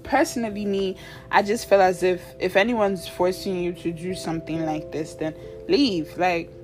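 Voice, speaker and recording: A woman's voice: fairly low pitch, fairly even intonation, normal speed, darkish tone, soft background music. A young woman, hosting a show and ranting bluntly and animatedly in slangy casual talk. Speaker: show host. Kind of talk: casual rant to viewers.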